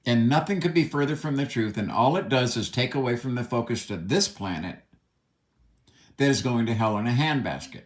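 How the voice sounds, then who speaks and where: A man's voice: medium pitch, expressive, moderate pace. A man ranting in a solo commentary, angry and emphatic, swearing often. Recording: echoey room.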